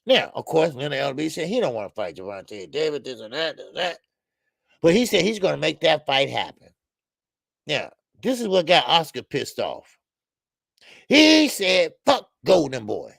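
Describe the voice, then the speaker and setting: A man's voice: fairly high pitch, very animated, normal speed, creaky, a bit bright, no echo, studio quality. A man hosting a casual boxing livestream, chatting animatedly, laughing a lot and greeting his chat in profane slang. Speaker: boxing show host.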